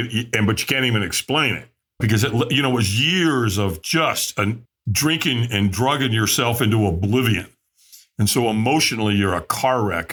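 Animated man telling his story. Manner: animated, acts out quoted voices with big pitch jumps. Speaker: podcast guest. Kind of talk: candid storytelling.

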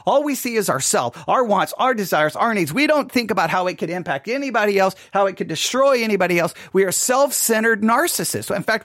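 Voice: medium pitch, a bit bright, no echo. Earnest devotional host, dry sound. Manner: earnest, storytelling, with many restarts. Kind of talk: informal devotional talk. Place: home setup for a live broadcast.

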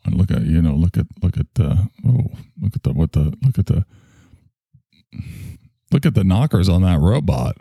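A man's voice: sits low, big pitch swings, normal speed, vocal fry, warm tone, breathy edge, no room sound. A man in his sixties who hosts a show, rambling through a crude, joking solo monologue that keeps trailing off.

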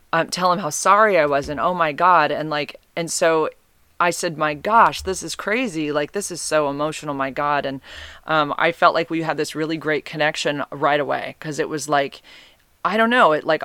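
Vlogger, casual storytelling, rambling, self-correcting, candid, smooth voice, dry close sound. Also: medium pitch, sharp tone, no room sound.

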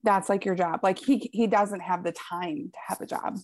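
A woman co-hosting a casual book podcast, expressive and quick to laugh. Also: medium pitch, no room sound. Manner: expressive, laughs easily, chatty asides. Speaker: podcast co-host.

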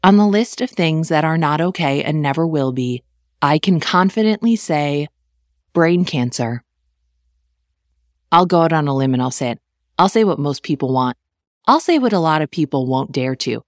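A woman's voice: low voice, expressive, moderate pace, no echo. A woman hosting a podcast, reading a personal essay and the show outro with wry, dry humor. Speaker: podcast host.

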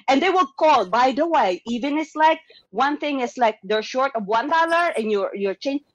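A woman's voice: sits high, animated, moderate pace, dry recording, dull audio. A woman, chatting as a guest and acting out what other people say in different voices. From Philippines. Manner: talkative, acts out quoted remarks in changed voices. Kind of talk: casual conversation sharing experiences.

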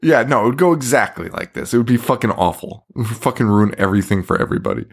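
Podcast dude recapping a movie, swears constantly, laughs a lot, does little voices, normal pitch. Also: male voice, animated, fast, vocal fry, husky. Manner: profane, laughing, acts out scenes in quoted voices. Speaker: podcast co-host. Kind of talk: casual movie recap chat.

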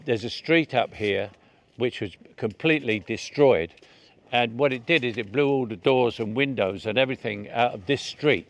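A man's voice: mid-range voice, moderate pace. A man in his eighties with a Cockney London accent, chatting through anecdotes in an interview and laughing at his own jokes. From England. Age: 80s.

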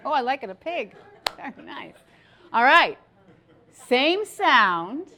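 A middle-aged woman giving a motivational stage talk, playful and animated, drawing the audience into participation. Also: high voice, takes it slowly. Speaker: speaker. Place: stage before a live audience.

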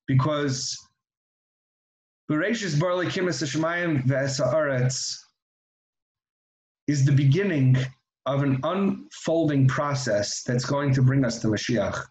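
A man's voice: fairly high pitch, unhurried, pauses often, darkish tone. A man giving an earnest, reflective religious talk that moves into storytelling, often restarting his sentences. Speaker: religious teacher. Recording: echoey room.

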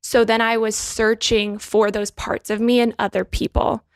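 A woman's voice: fairly high pitch, level tone, moderate pace, no room sound, studio quality. A woman co-hosting a podcast, talking in an earnest, encouraging and reflective way. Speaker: podcast co-host. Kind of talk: reflective wellness podcast talk.

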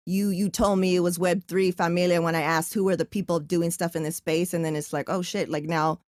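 A woman co-hosting a casual podcast chat, animated and emotional as she reads out messages. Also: lowish voice, fairly quick, dry recording, clean studio sound. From Southern California. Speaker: podcast co-host.

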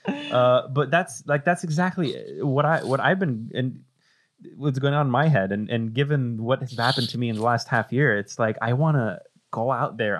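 Guy talking loose and blunt, swears a ton, jokes around, gets worked up. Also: mid-range voice. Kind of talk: casual chat.

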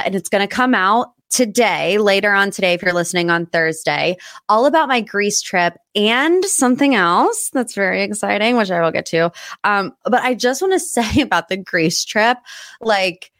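Woman in her 30s, US pop-culture podcast host, expressive pitch jumps, dry close mic. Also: moderate pace, no room sound. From United States. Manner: chatty and emotional, voice jumping high when excited. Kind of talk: casual solo podcast chat.

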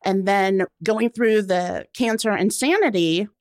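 A young woman talking casually as a podcast guest, expressive and quick to laugh, acting out quotes as she speaks. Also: medium pitch, dry recording, clean studio sound. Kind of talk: casual interview chat.

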